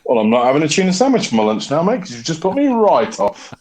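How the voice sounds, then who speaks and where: A man's voice: on the high side, very animated, fast, darkish tone, slight background noise. A young man from Yorkshire co-hosting a podcast, joking, laughing and swearing freely in casual chat. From Yorkshire, England. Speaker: podcast co-host.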